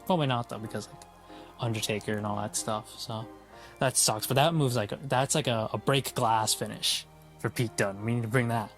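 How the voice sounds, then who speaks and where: A man casually recapping a wrestling show, blunt, opinionated and quick to swear. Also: mid-range voice, soft background music.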